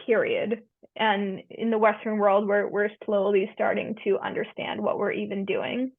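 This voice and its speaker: A woman's voice: medium pitch, flat delivery, moderate pace, no room sound. Woman on a tinny phone-like line. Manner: earnest, explanatory, laid-back slang. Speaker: guest, mental health counselor and yoga teacher. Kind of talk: casual interview talk.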